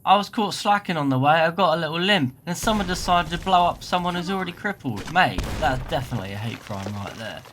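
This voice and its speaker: A young man narrating a game run with cheeky, jokey commentary and plenty of self-mockery. His voice sits a touch high. Faint hiss and room noise can be heard behind him. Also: expressive, fast, hardly any pauses, a bit bright. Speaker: gaming YouTuber. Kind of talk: comedic gameplay commentary.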